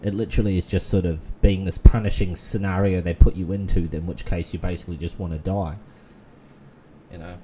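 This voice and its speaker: A man's voice: deep voice, fairly even intonation, a little fast, dark tone, a little hiss or hum. A man, rambling in casual gaming commentary full of fillers and restarts. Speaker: gaming channel host. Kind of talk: casual let's-play commentary.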